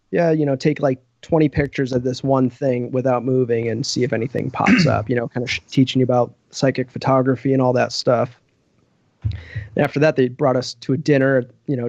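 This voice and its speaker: Man, gravelly, rambling casual storytelling, dry dull lo-fi audio. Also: medium pitch, a little mellow, no room sound. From Western Massachusetts, US. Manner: rambling, lots of "like" and "you know". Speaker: podcast guest.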